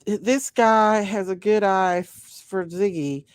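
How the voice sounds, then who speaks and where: A woman in her forties with a drawl hosts a casual livestream, talking to her chat and commenting as she goes. Her voice sits at a middle pitch. The sound is close and dry. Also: slow, clean tone, no room sound, low-quality recording. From Kentucky. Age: 40s. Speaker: livestream host.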